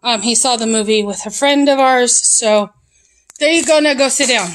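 A woman's voice: fairly high pitch, moderate pace, slight background noise, low-quality recording. A woman vlogging a casual grocery haul at home, chatting as she lists each item one after another. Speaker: mom vlogger.

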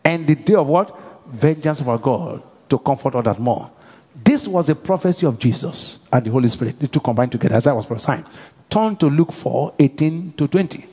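Pastor preaching in a big hall. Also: male voice, medium pitch, expressive, fairly quick, husky. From Nigeria. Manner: call-and-response preaching, rising to shouted prayer. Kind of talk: sermon. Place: large church hall. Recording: live church hall reverb.

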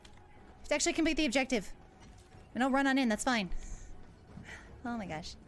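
Giggly high-voiced woman streamer. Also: lively intonation, brisk, a bit bright, slight background noise. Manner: playful, giggly, self-mocking panic. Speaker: VTuber streamer. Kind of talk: casual gameplay livestream.

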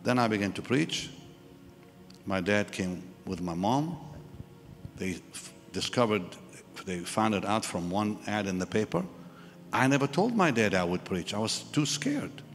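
A man's voice: on the low side, big pitch swings, a little slow. A man preaching a sermon at a live church service, telling a personal story and acting out the voices of the people in it. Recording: live church hall with reverb and music.

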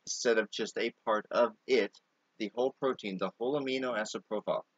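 Guy explaining protein stuff, earnest, says things twice, lowish voice, dull dry sound. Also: no echo. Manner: earnest, explanatory, repeats key points. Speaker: co-host explaining the product. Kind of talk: casual product talk.

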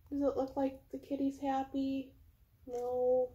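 A woman librarian reading a picture book aloud slowly and coaxing her pets in a gentle voice. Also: sits high, monotone. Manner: slow, drawn-out reading of the story lines. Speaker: children's librarian.

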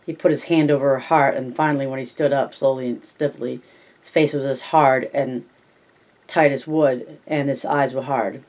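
A man reading a novel aloud at an unhurried pace, now and then correcting himself and adding asides. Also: mid-range voice, steady tone, a little mellow. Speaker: reader.

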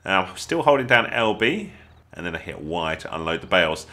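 Bright, lively English gaming tutor. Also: male voice, lowish voice, brisk. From England. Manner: chatty, excitable, jokey asides. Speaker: gaming YouTuber. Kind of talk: casual gameplay tutorial voice-over.

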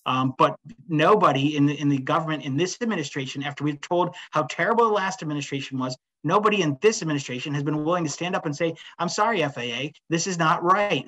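Male panelist in his fifties, fairly high voice, emphatic, rambling. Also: fairly bright tone, rough recording. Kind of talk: webinar panel discussion.

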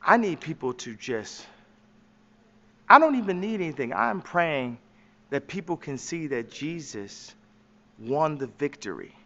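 A man's voice: on the high side, very animated, a little slow, pauses often, bright, forceful tone, big-room sound, lo-fi sound. A man speaking as an interview guest in a slangy, emphatic, preachy way. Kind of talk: impassioned preachy talk.

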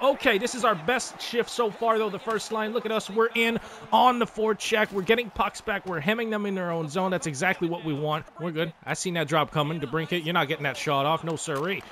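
A man giving excitable, casual commentary over a hockey video game, swearing freely and talking to the players on screen. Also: high-pitched, fairly quick, a little hiss or hum. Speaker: gaming YouTuber. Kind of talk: live gameplay commentary.

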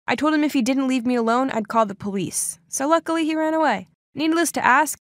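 A woman's voice: sits high, dry recording, clean studio sound. A young woman narrating a dramatic first-person story with lots of exclamations.

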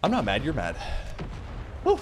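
A man narrating his own gameplay as it happens, quick to exclaim and curse at what he sees. His pitch swings dramatically between low mutters and high yelps. Faint game gunfire sits behind him. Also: background noise. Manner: excitable, exclaiming and swearing at the action. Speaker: gaming video host. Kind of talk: live gameplay commentary.

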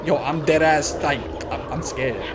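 A man's voice: on the high side, measured pace, very noisy. A young man streaming a horror game, talking in slang, swearing and crying out at every scare. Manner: jumpy, loud outbursts, swearing slang. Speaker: gaming channel host.

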